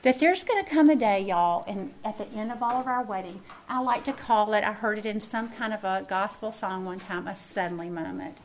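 A woman's voice: mid-range voice, fairly quick, few pauses, a little hiss or hum. Lady preaching, middle-aged, chatty and folksy, talks right to the room. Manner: folksy, warm address to the room. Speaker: women's Bible teacher. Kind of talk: sermon.

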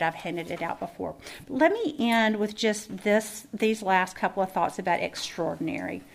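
A woman's voice: medium pitch, slight background noise. A middle-aged woman, teaching a sermon to a women's group in a folksy style that speaks straight to the room. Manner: folksy, warm address to the room.

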